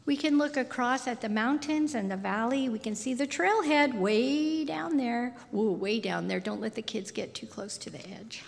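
A woman preaching a sermon in a slow, deliberate, softly intimate way. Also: on the high side, vocal fry. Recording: reverberant hall.

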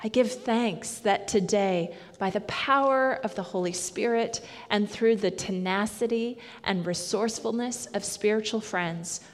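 A woman preaching a sermon in a slow, measured, reflective way. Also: mid-range voice. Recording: long hall reverb.

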